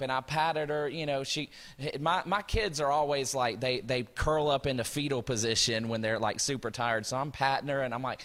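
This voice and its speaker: Chatty pastor in a big hall. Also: male voice, on the high side, animated, moderate pace, fairly bright tone. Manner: chatty, joking with the congregation. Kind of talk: church announcements and storytelling. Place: large church hall. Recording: reverberant church hall with music.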